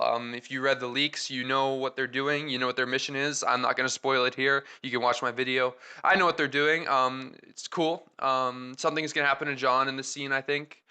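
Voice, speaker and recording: Bright, smooth-voiced young man chatting. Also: mid-range voice, fairly even intonation, normal speed, few pauses. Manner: chatty, filler-heavy, enthusiastic. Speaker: video host. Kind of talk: casual trailer breakdown.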